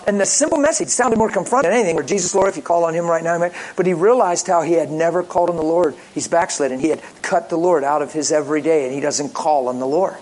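A male pastor preaching with lively stories, joking and acting out the callers he talks about. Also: a little high, quick pace, hardly any pauses, low-quality recording. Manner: lively, jokey, acts out callers in voices. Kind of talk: sermon with storytelling.

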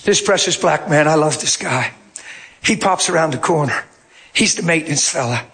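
Brief: male preacher with a high voice, animated sermon storyteller. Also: normal speed, vocal fry. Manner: animated, swings from low murmurs to shouting. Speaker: pastor.

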